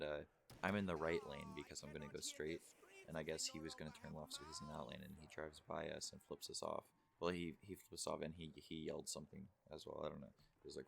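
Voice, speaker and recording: A man's voice: rumbling low, vocal fry, a little hiss or hum. A young man telling a story casually, rambling and swearing a lot, with many fillers. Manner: rambling, profane, full of fillers. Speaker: vlogger.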